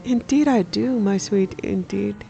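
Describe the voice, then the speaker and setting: A game streamer reading aloud as a teasing noblewoman who flirts with a bard, lifting the voice higher and softer. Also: unhurried, creaky, muffled recording, soft background music. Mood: flirty. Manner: coy, teasing, lilting higher.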